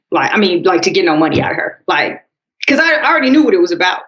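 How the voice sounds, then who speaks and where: Casting: woman co-host, calm storyteller, echoey, slightly dull podcast audio. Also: medium pitch, fast talker. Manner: calm, storytelling, addresses listeners as y'all. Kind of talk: casual political chat.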